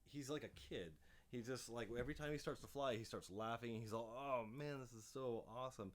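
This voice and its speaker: Smooth-voiced man chatting on a live stream. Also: medium pitch, a little mellow. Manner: rambling, full of fillers and restarts. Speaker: drone hobby channel host. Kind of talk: casual live-stream chat. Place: home office. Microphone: desk microphone.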